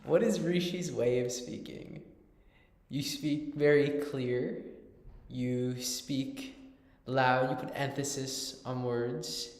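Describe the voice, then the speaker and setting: A man's voice: medium pitch, fairly even intonation, slow, darkish tone. A man in a casual philosophical discussion who shares reflective observations about how people speak. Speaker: discussion participant. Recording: roomy, reverberant hall sound.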